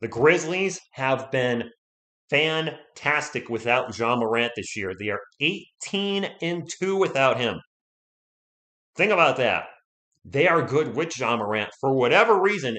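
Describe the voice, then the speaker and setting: A man calls a game play-by-play as a fan on a livestream, his mid-range voice a bit hoarse from wearing it out. He gets excitable and shouts whenever a big play happens.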